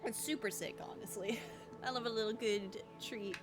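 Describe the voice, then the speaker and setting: A woman's voice: medium pitch, moderate pace, music in the background. A young woman with a Southern US accent, chatting casually and bubbly while streaming a game, laughing easily. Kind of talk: casual livestream chat while gaming.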